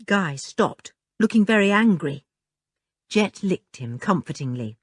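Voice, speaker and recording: A woman narrating a children's audiobook in an expressive, storybook manner. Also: fairly low pitch, a little slow, slightly rough, no room sound, clean studio sound. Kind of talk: scripted narration.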